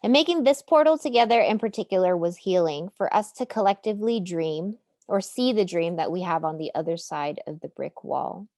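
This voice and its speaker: A woman's voice: on the low side, expressive, a little fast, few pauses, darkish tone, no room sound. A woman artist giving an earnest, impassioned presentation over a video call. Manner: earnest, impassioned, rising to a rallying close. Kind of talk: prepared presentation in a webinar.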